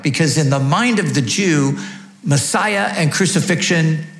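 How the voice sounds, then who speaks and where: A man's voice: medium pitch, reverberant. A man preaching a sermon, teaching emphatically and asking rhetorical questions. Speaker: pastor.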